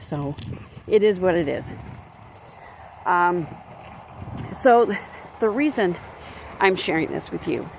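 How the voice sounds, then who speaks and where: Woman, gravelly voice, indignant, rambling, ranting to a handheld phone, outdoor street, loud street noise. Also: on the low side. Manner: indignant, rambling, talks with many restarts. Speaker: vlogger and crisis worker. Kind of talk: ranting to camera while walking. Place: outdoors on a neighborhood street, walking a dog.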